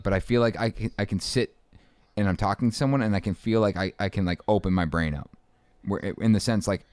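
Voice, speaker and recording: A man in his thirties from Boston with a faint, mostly smoothed-out Boston accent, talking casually as an interview guest in a rambling way full of restarts and asides. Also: low voice, a little mellow, no room sound.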